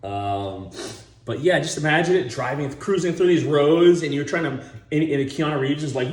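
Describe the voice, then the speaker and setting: A man rambling casually with lots of swearing about movie ideas, talking in an animated, chuckling way. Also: fairly high pitch, moderate pace, roomy sound. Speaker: movie vlogger.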